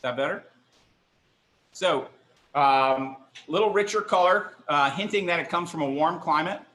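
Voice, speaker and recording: A middle-aged wine instructor runs a live online tasting class from an indoor kitchen counter, chatty, enthusiastic and self-deprecating. His voice is a little high and a bit bright, delivered at a moderate pace with a roomy sound.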